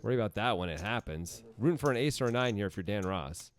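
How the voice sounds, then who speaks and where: A man giving casual, chatty poker commentary with quick, lively reactions. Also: on the low side.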